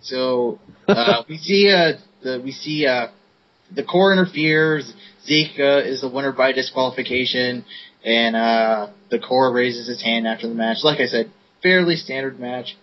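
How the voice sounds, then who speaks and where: A man's voice: mid-range voice, moderate pace. A man co-hosting a casual podcast, recapping matches in a laid-back way with many fillers. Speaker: podcast co-host. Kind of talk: casual wrestling review chat. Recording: dull lo-fi podcast audio, faint hiss.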